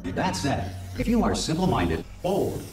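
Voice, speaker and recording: A man voicing a calm male facility announcer in a video game, formal and deadpan. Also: on the high side, unhurried, over loud music. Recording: echoey with background noise.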